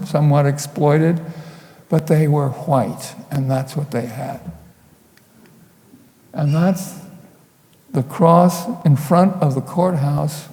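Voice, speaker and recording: A man's voice: fairly high pitch, mellow. An older man, a photographer, telling wry, meandering stories as he shows slides at a public talk. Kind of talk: storytelling lecture with slides. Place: lecture hall. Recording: lecture hall reverb.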